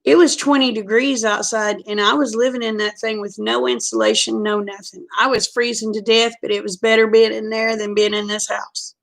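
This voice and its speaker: Chatty woman with a gravelly voice. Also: fairly high pitch, level tone, normal speed, hardly any pauses. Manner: chatty, frank, repeats "I said". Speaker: vlogger. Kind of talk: casual storytelling.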